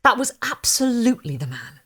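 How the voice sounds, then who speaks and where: Woman reader as a smarmy male florist, unctuous, affected, shrill at his peaks. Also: brisk, breathy edge, full character voice. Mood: shrill, emphatic. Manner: unctuous, affected, and turns shrill when excited.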